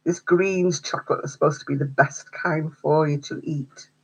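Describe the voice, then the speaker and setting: A woman's voice: deep voice, fairly even intonation, normal speed, slightly rough, low-quality recording. A woman hosting a craft livestream, chatting casually with viewers, answering their comments and laughing often. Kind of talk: casual chat with live viewers.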